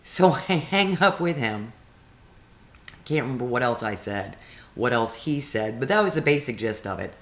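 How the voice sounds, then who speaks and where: Animated woman retelling a frustrating call. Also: extremely low pitch, moderate pace, roomy sound. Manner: animated retelling with quoted dialogue and rising frustration; laughs between phrases. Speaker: video blogger. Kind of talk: casual storytelling.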